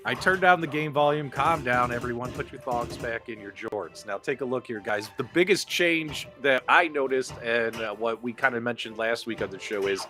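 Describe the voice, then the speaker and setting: A man co-hosting a casual live stream about gaming, teasing and talking to the chat, swinging from loud calls to muttered asides. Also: mid-range voice, moderate pace, few pauses, soft background music. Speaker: co-host of a retro gaming live show.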